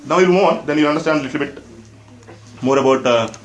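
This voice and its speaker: Male scripture teacher, slightly high voice, repeats himself for emphasis, echoey hall. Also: fast. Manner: explanatory, repeats points for emphasis, asks the audience questions. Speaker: religious teacher. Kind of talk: scripture class lecture. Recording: echoey room.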